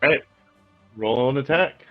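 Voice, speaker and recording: A man's voice: mid-range voice, normal speed, dull audio, music in the background. A man narrating as game master of a tabletop game, with a loose descriptive style full of "like" fillers.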